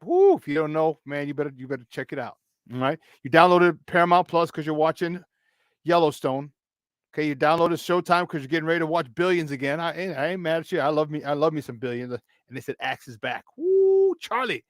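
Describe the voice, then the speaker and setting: A man hosting a morning sports talk show, loud, hyped up and playful as he talks to viewers. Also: a little high, fairly quick, no echo, studio quality.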